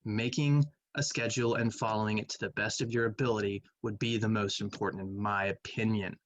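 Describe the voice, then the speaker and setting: A man's voice: on the low side, steady tone, a little fast, no echo, low-quality recording. A male math teacher giving a recorded lecture, going over quiz answers in a conversational, think-aloud manner. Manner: conversational, thinking aloud, hums while reading.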